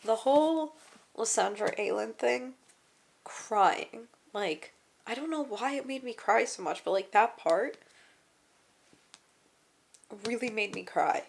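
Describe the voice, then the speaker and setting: A woman's voice: a little high, animated, takes it slowly, gravelly, pauses often. A young woman chatting casually and emotionally in a reading vlog, tired and full of exclamations. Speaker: book vlogger.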